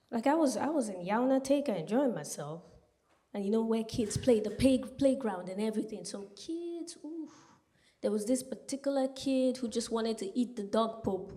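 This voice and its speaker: A woman performs stand-up on a comedy club stage, her voice sitting a little high. She talks in a punchy, chatty way and keeps turning to the audience with quick asides. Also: warm tone. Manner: punchy, chatty delivery with frequent asides to the crowd.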